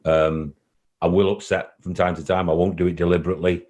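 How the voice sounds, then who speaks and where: A man's voice: low-pitched, level tone, fairly quick, darkish tone. A man who runs a football club, answering interview questions in an earnest, repetitive way. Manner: earnest, repeats himself, emotional at times. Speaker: football club chief executive. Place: call recording.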